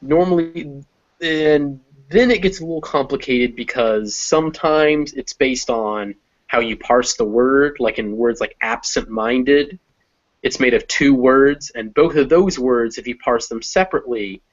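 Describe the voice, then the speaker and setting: Male English teacher, mid pitch, explains slowly with thinking pauses; slightly dull recording. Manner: explains step by step, pausing to think with many ums. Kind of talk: conversational language lesson.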